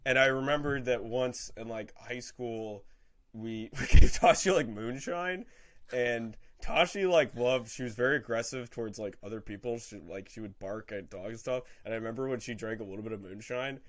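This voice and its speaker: A man co-hosting a comedy podcast, crude and quick to laugh. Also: medium pitch, a bit bright, no echo, studio quality. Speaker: podcast co-host. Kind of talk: casual comedic chat.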